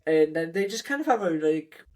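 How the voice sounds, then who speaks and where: A man co-hosts a relaxed podcast chat about an anime, agreeing and adding details. His voice sits somewhat high for a man. He leans on fillers and an easy, conversational pace. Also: normal speed. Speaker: podcast co-host. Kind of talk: casual episode recap.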